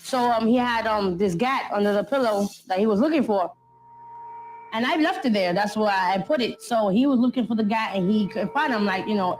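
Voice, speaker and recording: A woman's voice: medium pitch, brisk, slight background noise, poor audio. A woman, a documentary interviewee, recounting events in blunt, slangy street talk and acting out what others said. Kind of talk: casual recounting.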